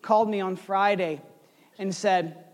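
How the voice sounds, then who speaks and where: A man in his forties preaching a sermon, telling a story with swings between loud bursts and hushed asides. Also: sits high, steady tone, measured pace, big-room sound. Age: 40s. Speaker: pastor.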